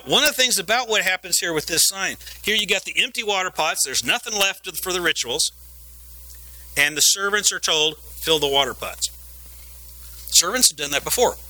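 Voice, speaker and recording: A man's voice: high-pitched, pushed and bright, rough recording. A man preaching an earnest sermon into a headset mic, emphatic and repeating phrases for stress, with a sniffle and a cough now and then.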